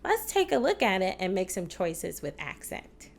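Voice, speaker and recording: A woman with a mid-range, gravelly voice, wildly swooping pitch and a moderate pace teaches children about opera on a kids' TV show, with a little hiss or hum in the background. She's patient and encouraging toward viewers at home during this music lesson.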